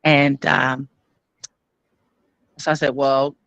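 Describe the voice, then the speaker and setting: Woman guest, bright and clear, dry close sound, earnest storyteller. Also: a bass voice, steady tone, no room sound, highs cut off. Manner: earnest, frank, many "um" pauses. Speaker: guest telling her story. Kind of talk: candid personal storytelling.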